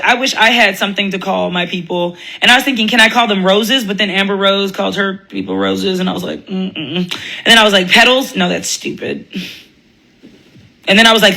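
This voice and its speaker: A commentary vlogger rants bluntly and profanely, laughing often and mocking how other people talk. Her voice sits a little high and comes across pushed and bright, though the recording quality is poor.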